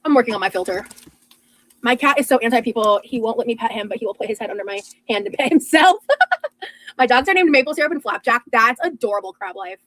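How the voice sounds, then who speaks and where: Cooking on a livestream, a young adult woman reads her viewers' comments and gushes over them, full of fillers. Her fairly high voice is quick, a bit bright, and lively in intonation, captured in a dry, poor-quality recording.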